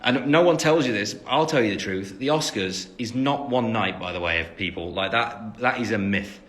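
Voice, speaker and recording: A man's voice: lowish voice, normal speed, fairly bright tone. Chatty rambling young English guy. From England. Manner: chatty and rambling, with many fillers and restarts; jokey, laughing at himself. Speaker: livestream host answering fan comments. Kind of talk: casual livestream chat. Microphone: phone.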